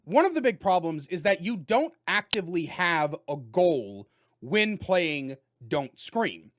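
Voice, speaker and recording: A man giving a casual spoken video game review, talking loudly with jokes and animated delivery. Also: high voice, slow pace, background noise. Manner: loud, animated and joking.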